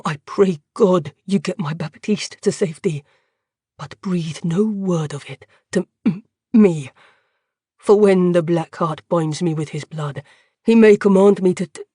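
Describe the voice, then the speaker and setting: A woman voicing a wounded young male captain who speaks in a halting, trembling way. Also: lowish voice, mellow, slightly rough, no echo, studio quality. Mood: pained, urgent. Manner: halting, trembling, stammering delivery.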